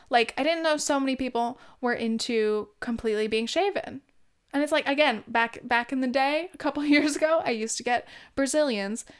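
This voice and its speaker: A woman's voice: a little high, fairly bright tone, clear, resonant tone. A young woman in her twenties talking casually in a rambling way, full of "like" and swearing, with frequent laughs. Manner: rambling, lots of "like", swears freely, laughs often. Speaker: vlogger. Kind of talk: casual chat.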